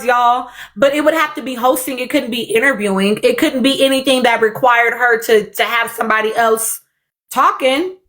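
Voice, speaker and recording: A woman's voice: on the high side, a bit bright. A woman hosting a casual podcast, speaking bluntly to her viewers, repeating herself and swearing freely. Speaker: podcast host. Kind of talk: casual opinion chat with live audience.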